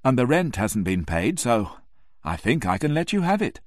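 A man voicing a polite middle-aged woman landlady in a storybook reading, lifting his voice high and speaking deferentially. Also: very animated, moderate pace, no echo, clean studio sound, natural voice.

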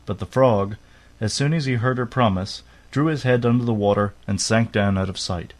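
A man narrating a fairy tale aloud in a steady, unhurried storytelling manner. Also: lowish voice.

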